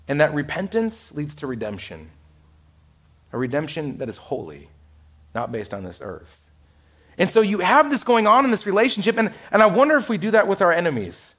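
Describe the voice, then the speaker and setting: Guy pastor preaching, kinda high voice, goes loud then drops real quiet, chatty with lots of "like". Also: very animated, a little fast. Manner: dramatic swings from loud to hushed, acting out quoted voices; conversational, many "like" asides and laughs. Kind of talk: sermon. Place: church sanctuary.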